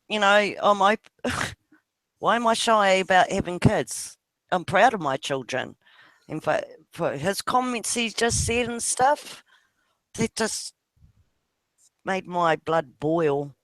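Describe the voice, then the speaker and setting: Slow-talking New Zealand dad. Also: male voice, high voice, animated, a bit bright, dry recording. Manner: laughs often, swears casually, talks about family openly. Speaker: father. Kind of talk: casual chat on an online video hangout. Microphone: video call.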